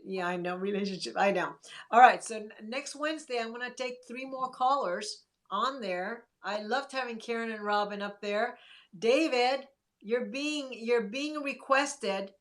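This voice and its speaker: A woman's voice: medium pitch, moderate pace. A woman hosting a casual livestream, chatting in an encouraging way and reading viewer comments aloud. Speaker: livestream host.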